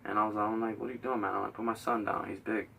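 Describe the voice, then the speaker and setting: A man's voice: lowish voice, level tone, rapid-fire, creaky, bright, forceful tone, distant mic, a little hiss or hum. A young man hosting a show, telling a heated, profane story full of acted-out quotes. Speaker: podcast host.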